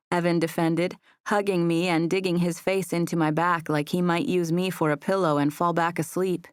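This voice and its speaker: A woman narrating a first-person audiobook in an even, gentle storytelling voice. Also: on the low side, moderate pace, few pauses, smooth, no room sound, clean studio sound. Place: recording booth.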